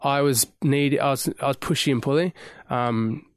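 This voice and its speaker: A man co-hosting a podcast, talking earnestly and haltingly, with restarts and casual swearing. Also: medium pitch, no room sound, studio quality. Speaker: podcast co-host. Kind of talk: casual chat.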